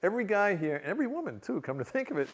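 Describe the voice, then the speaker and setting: A man's voice: high voice, big pitch swings, racing, breathy edge. A man, an author telling a comic, self-mocking story to an audience with frequent restarts. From New York City, USA. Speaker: author giving a public reading.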